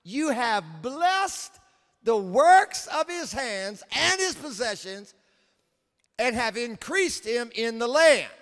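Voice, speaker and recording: A preacher putting on a sly taunting devil. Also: male voice, very high-pitched, sing-song, takes it slowly, fairly bright tone, in a large hall, voice pushed up, exaggerated voice. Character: sly male devil, smug tempter.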